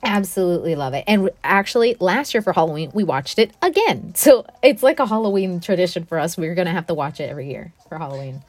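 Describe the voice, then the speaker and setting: A woman's voice: on the low side, big pitch swings, fast, few pauses, darkish tone, no echo. A young woman chatting casually and enthusiastically as a podcast co-host, full of fillers. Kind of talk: casual chat.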